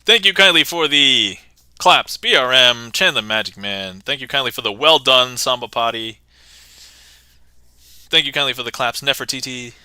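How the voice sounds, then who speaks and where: A man's voice: medium pitch, normal speed, pushed and bright, clean tone, no room sound. A man performing card magic on a livestream, chatting playfully with viewers, laughing often and thanking them by name. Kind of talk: casual livestream patter.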